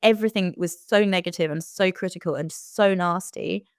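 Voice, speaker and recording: A woman's voice: lowish voice, normal speed, clean tone, dry recording, studio quality. A young woman telling her own story in a candid, reflective way as an interview guest. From United Kingdom. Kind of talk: casual interview conversation.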